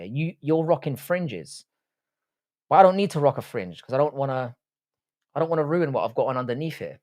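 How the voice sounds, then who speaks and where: A man's voice: a little high, no room sound. Swearing, bantering man, dry sound. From United Kingdom. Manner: profane, bantering, slangy. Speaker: livestream host. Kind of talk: casual livestream chat reading viewer comments.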